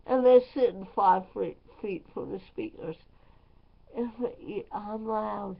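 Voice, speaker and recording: Slow, gravelly-voiced woman DJ rambling. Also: medium pitch. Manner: rambling and emphatic, many fillers. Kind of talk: casual vlog chat. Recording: slightly dull lo-fi sound.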